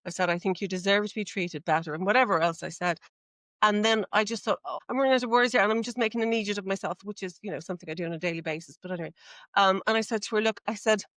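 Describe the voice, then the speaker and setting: Animated Irish woman telling a story. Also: medium pitch, dry recording. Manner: animated storyteller, acts out quoted dialogue. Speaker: guest. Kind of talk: casual chat.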